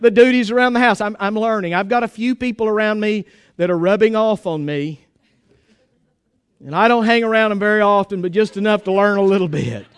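A man's voice: high voice, a little fast, clear, resonant tone, no room sound. A man preaching a sermon in a folksy, joking and emphatic way.

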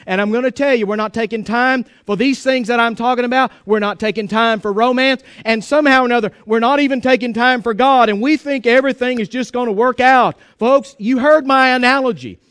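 Male preacher, sermon, folksy and joking, emphatic, very high voice, dry close sound. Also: brisk, few pauses, a bit bright, smooth, dry recording.

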